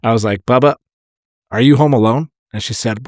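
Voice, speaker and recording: A man's voice: mid-range voice, fairly quick, darkish tone, no room sound. Podcast co-host, man, firefighter, blunt and emotional storyteller, dry close mic. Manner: candid, swears freely, emotional storytelling. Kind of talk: casual podcast chat.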